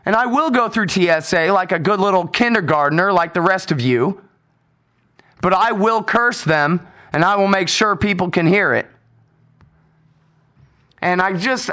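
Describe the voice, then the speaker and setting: An American man alone at the mic of his radio show, ranting with sarcasm and open contempt. His voice sits a little higher than most men's. He swears freely and gets loud when he is indignant. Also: normal speed. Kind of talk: solo radio monologue rant.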